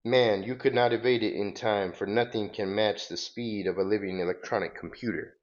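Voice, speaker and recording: A man's voice: on the low side, steady tone, moderate pace, lo-fi sound, close to an everyday voice. A man voicing a grandiose, menacing male robot villain while reading a comic book aloud.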